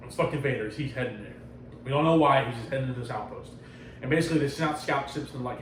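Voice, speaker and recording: A man's voice: medium pitch, quick pace. A man hosting a casual podcast, animatedly retelling a comic book story with lots of swearing and acted-out quotes. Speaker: podcast host. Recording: roomy sound from a distant mic with faint noise.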